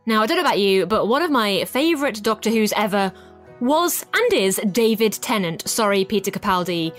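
A woman's voice: medium pitch, big pitch swings, brisk, soft background music. A woman hosting a show, chatting enthusiastically with fillers and asides. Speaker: radio show host. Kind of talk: casual presenting.

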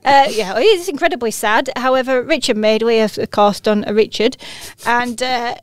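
A woman's voice: a little high, normal speed, no room sound. A young woman from northern England with a Yorkshire accent, co-hosting a podcast in a chatty, jokey, self-deprecating way. She is pregnant. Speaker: podcast co-host. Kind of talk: casual chat.

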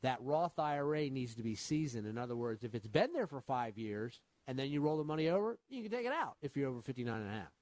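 A man's voice: medium pitch, very animated, fast, hardly any pauses, darkish tone, no room sound. A man co-hosting a finance radio show as an advisor, patiently explaining retirement rules while quizzing his co-host. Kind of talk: radio call-in finance chat.

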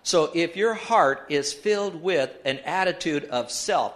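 A man's voice: fairly high pitch, lively intonation, moderate pace, hardly any pauses, fairly bright tone. A pastor giving an emphatic sermon, leading his congregation in reading aloud together. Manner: emphatic preaching, leads the congregation in call-and-response reading. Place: church sanctuary.

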